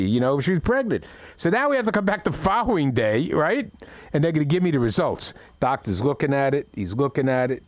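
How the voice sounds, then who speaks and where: A man's voice: a little high, no room sound. A middle-aged man doing an open mic stand-up set, telling stories with blunt punchlines. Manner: brash storytelling with blunt punchlines. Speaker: stand-up comic.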